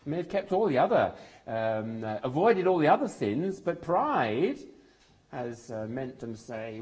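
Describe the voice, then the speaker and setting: Older english guy preaching, husky voice, big swoopy pitch, trails off real quiet on the punchlines. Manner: animated preaching, dramatic pauses, drops to near whisper on key words. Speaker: pastor. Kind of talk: sermon.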